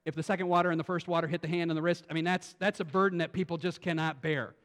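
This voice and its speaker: A male pastor preaching a sermon, animated, swinging from quiet thinking-aloud asides to loud emphatic lines. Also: a little high, very fast. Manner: repeats words and restarts as he thinks aloud.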